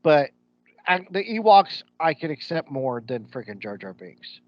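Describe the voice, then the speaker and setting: Fairly high-pitched and very animated, this man talks a little slowly while co-hosting a podcast. He has a Midwestern American accent and is blunt and opinionated in casual chat, using slang like "ain't," over dull lo-fi sound.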